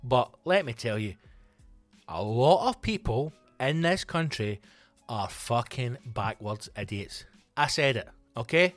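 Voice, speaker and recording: A middle-aged Scottish man and comedy podcast host, ranting in a loose, sweary, animated monologue. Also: medium pitch, slow pace, no room sound, soft background music. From Scotland.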